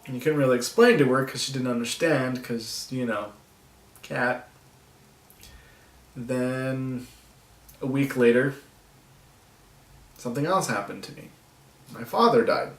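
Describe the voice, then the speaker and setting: Man, soft halting vlog talk, nervous little laughs, roomy echo, a bit off-mic. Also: medium pitch, distant mic. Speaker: vlogger. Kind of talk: personal vlog talking to camera.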